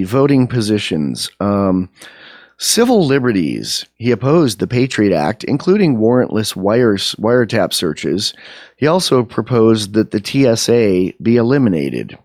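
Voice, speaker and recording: A man's voice: lowish voice, very animated, unhurried, a little mellow, no room sound, studio quality. A man co-hosting a podcast, talking in a rambling, opinionated way with many restarts. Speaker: podcast co-host. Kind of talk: casual podcast chat.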